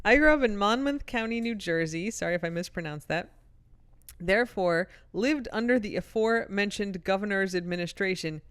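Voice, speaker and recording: A middle-aged woman co-hosting a casual podcast, animated and quick to laugh, reading a listener's letter aloud and swearing casually. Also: mid-range voice, clean tone, dry recording. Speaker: podcast co-host.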